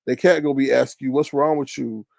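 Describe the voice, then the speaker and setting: A young man hosting a casual commentary stream, ranting loudly and mockingly to his live chat, swearing often. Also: steady tone, fast talker, creaky, no echo. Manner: loud, profane, mocking rant with big pitch swings. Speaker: commentary show host.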